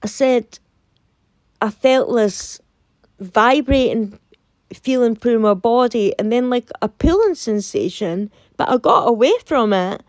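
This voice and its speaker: Speaking at a fairly high pitch and an unhurried pace with no echo, a Scottish woman casually tells a storytime tale. She animatedly voices both sides of a conversation, quoting herself and her friend in dialogue.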